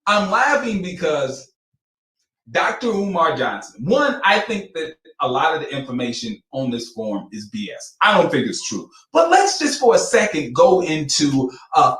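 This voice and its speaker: A man's voice: on the high side, a bit bright. A man working as a financial advisor, giving commentary on financial records, laughing often and sounding incredulous and emphatic. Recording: roomy echo.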